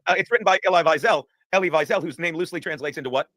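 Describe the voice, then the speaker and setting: A man with a slightly high, fairly bright voice races through his stories as host of a casual talk show podcast. He rambles, swears and laughs as he goes, and there's no room sound on the recording.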